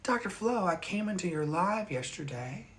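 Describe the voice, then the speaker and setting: A man's voice: sits high, lively intonation, moderate pace, slight background noise, voice pushed up. A man mimicking a prim, hesitant woman.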